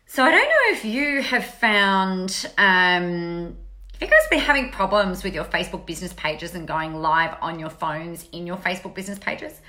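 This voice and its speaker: A woman's voice: fairly low pitch, very animated, moderate pace, pushed and bright. A woman, chatting casually and upbeat on a live stream as an online business coach, often interrupting herself. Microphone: phone.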